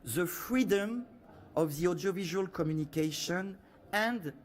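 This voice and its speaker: A man with a French accent giving a prepared conference presentation as a panelist, measured and dotted with "uh" fillers. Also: high-pitched, slight background noise. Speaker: panelist from a media regulator.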